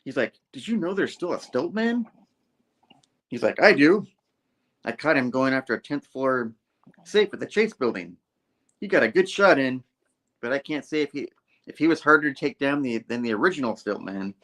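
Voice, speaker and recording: A man hosts a casual comic book review show, animatedly retelling a story and leaping high in pitch for quick character voices whenever he quotes someone.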